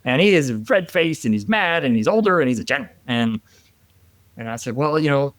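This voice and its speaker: With a fairly quick, mid-range voice, an ex-military helicopter pilot in middle age shares a war story on a podcast. The clean studio recording has no room sound, and he's casual and animated, laughing and restarting frequently.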